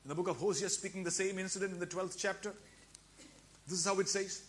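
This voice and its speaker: A man's voice: high-pitched, steady tone, quick pace, slight background noise. A man with a Malayali English accent, preaching a fervent sermon as pastor and calling out hallelujahs.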